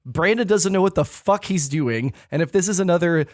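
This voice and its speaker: Male podcast co-host, fairly high voice, measured and wry, dry close mic. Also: expressive, darkish tone, no room sound. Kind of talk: casual chat.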